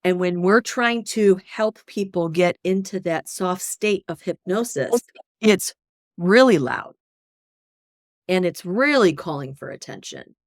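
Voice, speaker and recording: A woman working as a hypnosis coach, speaking in an animated, conversational way and often checking in with "right?". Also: lowish voice, a little slow, no room sound, clean studio sound. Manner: animated, often tags "right?", acts out inner voices. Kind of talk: conversational interview.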